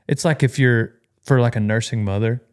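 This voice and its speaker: A man's voice: mid-range voice, steady tone, moderate pace, clear, resonant tone. A man hosting a casual podcast chat, joking and bantering with drawling humor. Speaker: podcast host.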